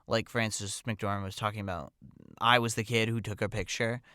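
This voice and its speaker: A man's voice: lowish voice, steady tone, normal speed, pushed and bright, clear, resonant tone, dry recording, studio quality. A man hosting a podcast, telling a personal story in a casual, rambling way full of "like" and "um".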